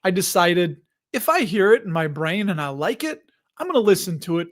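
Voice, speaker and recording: Man in his forties, high-pitched voice, casual live stream host, chatty, laughs a lot. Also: big pitch swings, fairly quick. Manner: chatty, laughs often, greets viewers by name.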